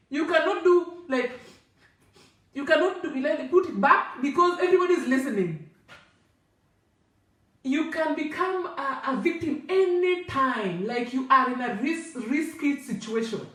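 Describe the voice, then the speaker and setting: A woman telling a travel story to camera in a lively, laughing, casual way. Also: sits high, far from the mic. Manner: animated, laughing, code-switching. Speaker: vlogger. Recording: echoey room, off-mic.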